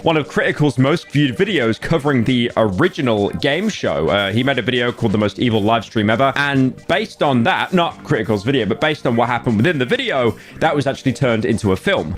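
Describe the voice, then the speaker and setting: A young man narrating a scripted commentary video with wry, sarcastic asides. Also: mid-range voice.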